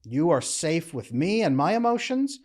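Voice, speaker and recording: Calm, emphatic man with lively pitch. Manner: calm, measured, emphatic delivery in short phrases. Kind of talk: motivational talk to camera.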